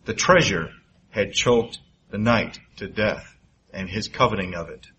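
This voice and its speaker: A man's voice: on the low side, pushed and bright, slight background noise, rough recording. A man preaching, telling a moral parable in dramatic storytelling fashion. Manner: dramatic storyteller, rising for suspense and slowing for effect. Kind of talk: sermon storytelling.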